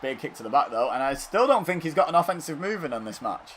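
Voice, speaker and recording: A man giving casual play-by-play commentary over a wrestling video game, bursting into loud exclamations and then dropping into dry asides. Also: on the high side, sing-song, fast talker, a little hiss or hum.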